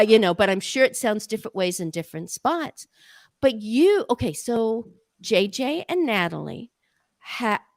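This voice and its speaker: An older woman hosts a casual interview, an eager and chatty storyteller. Her voice sits at an ordinary pitch and is recorded close and dry, with no room sound. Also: dry recording. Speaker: podcast host.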